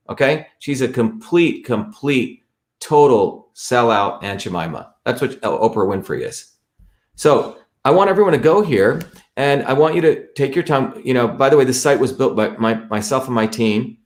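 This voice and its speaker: A man hosting a live stream, talking emphatically and repeating his points as he walks viewers through a website. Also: mid-range voice. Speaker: host.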